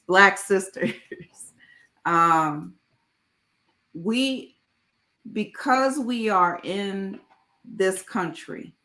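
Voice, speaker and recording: A woman speaking as a panelist in a live video conversation, earnest and reflective, pausing often with fillers. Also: on the low side, bright, forceful tone. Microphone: video call.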